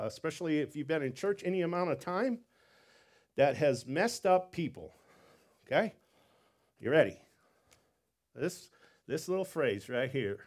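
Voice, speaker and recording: Man, pastor, sermon, animated, repeats words, slightly high voice.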